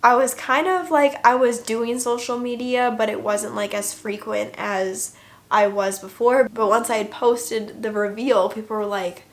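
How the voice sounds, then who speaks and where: A young adult woman telling her story in a casual vlog, chatty and full of fillers, dropping into hushed asides. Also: on the high side, steady tone, a little slow. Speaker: vlogger.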